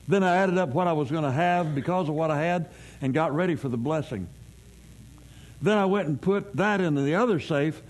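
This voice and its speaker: A man with a fairly high-pitched voice preaches a sermon as a pastor, keeping it folksy and conversational with everyday stories and rhetorical questions.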